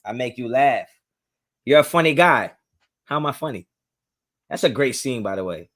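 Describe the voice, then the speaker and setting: A young man, hosting a live stream and casually reading viewer chat, laid-back and slangy, laughing often and swinging his pitch up and down. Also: expressive, normal speed, fairly bright tone.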